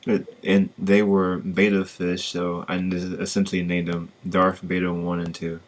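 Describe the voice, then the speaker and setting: A man hosting a podcast, chatting in a relaxed, hesitant way. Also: sits low, normal speed. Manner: relaxed, hesitant, many fillers and restarts. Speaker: podcast host. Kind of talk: casual chat.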